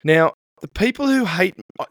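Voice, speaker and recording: Middle-aged co-host, foul-mouthed ranter, higher-pitched voice recorded dry. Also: male voice, lively intonation, normal speed, a bit bright, no echo. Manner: swears a lot, ranting. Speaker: podcast co-host. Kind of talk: casual chat.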